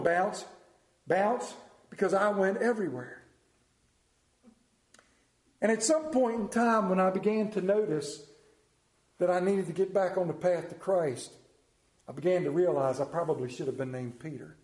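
A middle-aged man with a rural Southern American accent preaching a sermon, telling stories in a folksy, animated way with sudden quiet drops. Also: high voice, echoey room.

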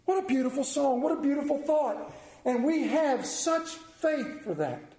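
Man preaching, folksy and earnest, high voice, mellow tone. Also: animated, unhurried, roomy sound, low-quality recording. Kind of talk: sermon.

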